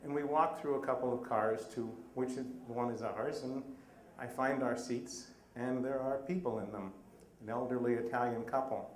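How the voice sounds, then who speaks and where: A middle-aged man telling a personal story on a live stage, animated and self-deprecating. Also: mid-range voice, normal speed, a little hiss or hum. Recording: echoey live room.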